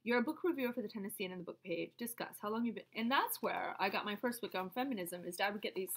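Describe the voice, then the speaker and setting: A woman vlogger with a stuffy head cold reads her father's papers aloud, drifting into chatty, offhand asides in casual rambling talk. Her congested voice is medium-pitched and fast.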